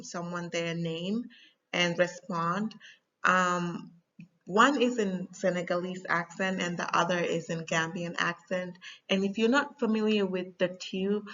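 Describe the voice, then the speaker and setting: A woman's voice: fairly low pitch, bright, forceful tone. Woman, language teacher, patient explaining, frequent ums, muffled lo-fi sound. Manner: patient, slow, with frequent ums and spelled-out examples.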